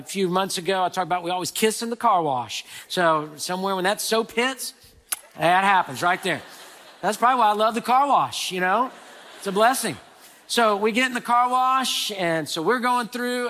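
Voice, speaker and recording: A man preaching a sermon, telling a story with sudden loud and soft swings. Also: on the high side. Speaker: pastor. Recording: hall reverb.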